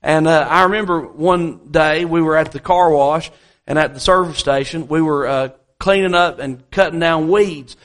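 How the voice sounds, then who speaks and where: Emphatic higher-voiced male preacher. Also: moderate pace. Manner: emphatic, repeats key phrases, folksy asides. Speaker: pastor. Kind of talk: sermon.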